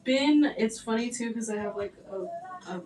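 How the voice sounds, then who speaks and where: A woman's voice: a little high, normal speed, a little mellow, a little hiss or hum. A woman talking in a laid-back, blunt way and swearing freely during a casual chat. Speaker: tattoo artist and show host. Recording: echoey room, far from mic, faint ambience.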